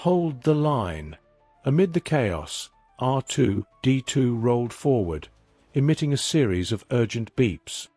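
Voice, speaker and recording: A man giving a scripted story narration in a measured, even reading. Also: mid-range voice, husky, no room sound, faint music behind.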